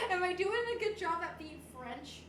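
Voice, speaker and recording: Young woman streamer, playful and giggly, very high and bright, roomy echo. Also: slight background noise. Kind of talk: casual livestream chat, reading viewer messages.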